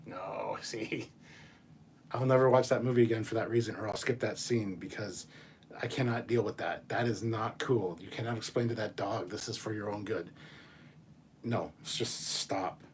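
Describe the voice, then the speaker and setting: A man hosting a casual chat show, reading viewer messages and ranting in an animated, profane way. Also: lowish voice, normal speed, slight background noise. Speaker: channel host.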